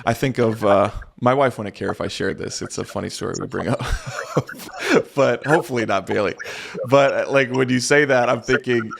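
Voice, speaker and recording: A man's voice: mid-range voice, moderate pace, creaky. Young podcast host guy, mid voice, rambly and chatty, lots of uh and like. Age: 20s. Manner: chatty storytelling with many fillers. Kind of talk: casual podcast conversation.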